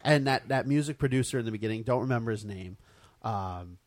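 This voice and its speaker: A man in casual chat about a show, animated, swearing freely and often repeating words. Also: mid-range voice, fairly quick.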